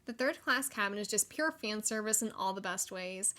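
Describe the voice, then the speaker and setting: A young woman hosting a solo gaming podcast, chatty and excitable, with frequent likes and laughter. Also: medium pitch, normal speed. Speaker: podcast host.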